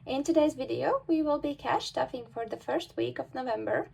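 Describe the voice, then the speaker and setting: High husky woman budget vlogger. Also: normal speed, dark tone, rough recording. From Baltic states. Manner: chatty, with frequent fillers and counting aloud. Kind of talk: casual talk to camera.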